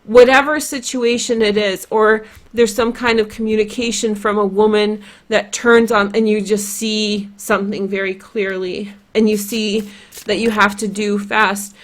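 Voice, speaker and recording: Polish-accented woman doing a chill tarot reading, rambly and chatty, mid-pitched voice. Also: level tone, unhurried. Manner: chatty, rambling, lots of "like" and "you know". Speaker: tarot reader.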